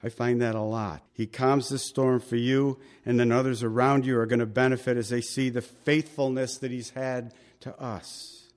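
A man preaching a sermon, talking with the congregation through questions and acting out quoted lines with big swings in pitch and loudness. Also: level tone, moderate pace, hardly any pauses. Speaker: pastor.

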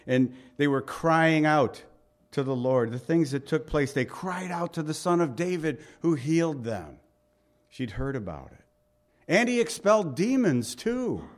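A man preaching a sermon as a pastor, earnest, asking the congregation rhetorical questions and swinging between loud emphasis and soft, low passages.

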